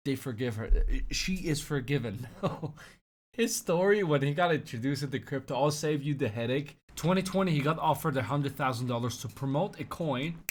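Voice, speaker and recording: A man's voice: on the high side, animated, moderate pace. A man hosting a reaction commentary and talking sarcastically and mockingly about the clips he plays. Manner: sarcastic, mocking, breaks into loud put-on quotes. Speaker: commentary host.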